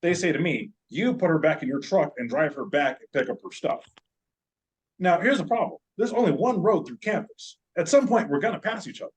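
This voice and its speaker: A man's voice: on the high side, fairly quick, rough recording. Man telling a wild story. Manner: animated, profane, joking. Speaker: podcast guest. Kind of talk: casual storytelling.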